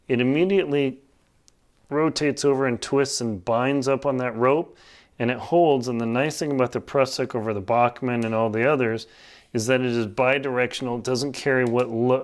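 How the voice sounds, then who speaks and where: A man casually demonstrating and explaining a climbing knot step by step, in a plain, practical way while working with his hands. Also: mid-range voice. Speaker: outdoor skills instructor. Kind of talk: casual knot-tying tutorial.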